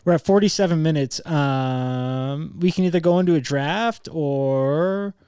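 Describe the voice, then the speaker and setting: A man's voice: on the high side, a little slow, mellow, smooth, no room sound. Young man telling a rambling story, dry mic. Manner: rambling, profane, fond of "like" and quoting people mid-story. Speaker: podcast host. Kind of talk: casual storytelling chat.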